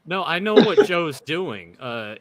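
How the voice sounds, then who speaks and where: A man's voice: a little high, very animated, slow, crowd noise. A man hosting a casual podcast chat, teasing his guests and steering the discussion. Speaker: podcast host.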